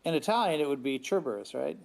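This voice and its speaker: A man in a casual group discussion who asks questions in an inquisitive, drawn-out way. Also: on the high side. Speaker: discussion participant.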